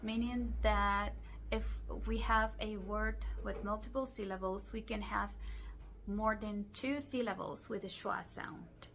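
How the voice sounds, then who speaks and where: A woman teacher with a Latin American Spanish accent takes her time over each point, speaking very slowly and deliberately. Her explanations are careful and methodical, with a few restarts, and a faint hiss of room noise sits under the voice. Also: mid-range voice, steady tone, creaky, fairly bright tone. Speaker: English phonetics teacher. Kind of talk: recorded online lesson.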